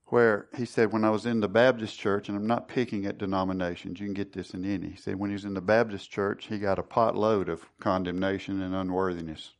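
A man's voice: lowish voice, little pitch movement, brisk, hardly any pauses. A man leading a Bible study sermon, earnest and conversational, who often restarts and repeats words. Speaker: Bible teacher.

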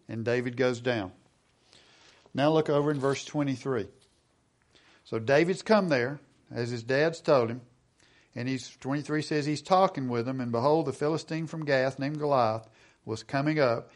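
A middle-aged man preaching a sermon. He reads scripture aloud, asks the congregation questions and slows down for emphasis. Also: mid-range voice. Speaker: pastor.

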